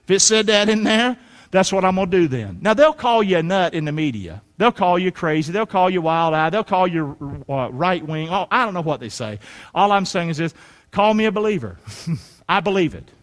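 A middle-aged male pastor preaching a sermon in a folksy, preacherly way that rises to shouts. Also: sits high, expressive, normal speed, in a large hall.

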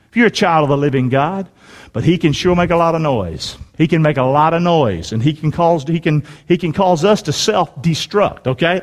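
A man's voice: high-pitched, in a large hall. A man preaching a sermon in a church, emphatic and folksy, calling on the congregation to answer him. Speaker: pastor. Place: church sanctuary.

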